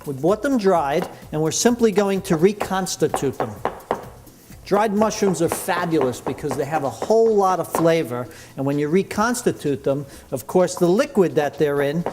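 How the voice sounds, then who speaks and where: A man's voice: fairly high pitch, expressive, normal speed, noisy background. A man hosting a cooking show, chatting enthusiastically as he explains each step. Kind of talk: cooking demonstration.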